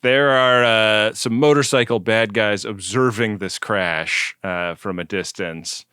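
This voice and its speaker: A man with a lowish, resonant voice chats casually on a podcast, recapping a show in a relaxed way and laughing easily. He leans on "like" as a filler. The sound is close and dry, with no room around it. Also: slow, clear, resonant tone, dry recording. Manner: laid-back, laughs often, many "like" fillers. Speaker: podcast co-host. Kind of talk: casual chat recapping a TV episode.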